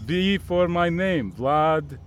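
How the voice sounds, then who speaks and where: A man voicing Vlad, a deadpan, sleepy male vampire with a mock Eastern European accent in a comedy improv. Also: a little high, slow pace, very noisy. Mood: insistent.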